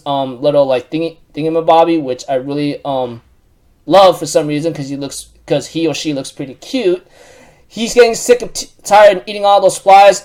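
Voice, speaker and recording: A man's voice: fairly high pitch, darkish tone. A man casually recapping a manga chapter for his channel, rambling with lots of fillers and self-corrections.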